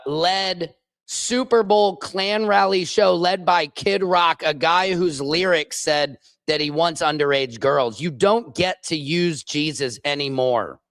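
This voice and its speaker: A male comedian fronts his own show with a furious, profane tirade. He speaks slowly and leans on every word, his voice sitting a little high. The sound is dry and close. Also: fairly bright tone, no echo. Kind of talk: angry political rant on a stream.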